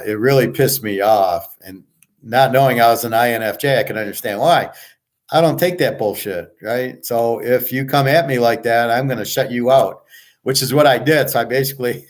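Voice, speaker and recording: A man from the United States hosting a casual monologue, blunt and profane as he rants. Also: medium pitch. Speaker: podcast host.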